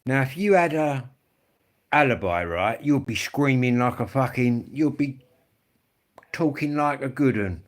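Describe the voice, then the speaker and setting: A man hosts a casual live stream and chats straight to his viewers. He rambles from one story to the next, swearing freely in a blokey, matter-of-fact way. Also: medium pitch.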